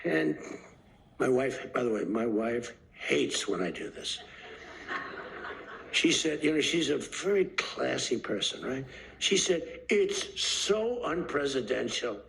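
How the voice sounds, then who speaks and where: A man's voice: mid-range voice, slow, creaky, pauses often, poor audio. A man giving a rambling off-the-cuff speech as president, emphatic and repetitive, acting out stories. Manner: animated storyteller acting out quotes.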